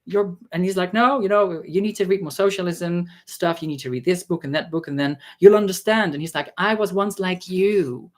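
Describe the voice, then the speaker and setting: A man vlogging a casual story, exasperated and sarcastic, acting out the people he quotes with sudden jumps in pitch. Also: fairly quick, few pauses. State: tired.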